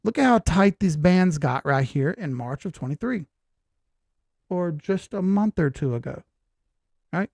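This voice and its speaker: A man's voice: high voice, animated, measured pace, vocal fry, long pauses, darkish tone, dry recording, clean studio sound. A man in his forties hosting a crypto chart analysis show in a folksy, rambling, jokey way. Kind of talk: casual chart analysis talk.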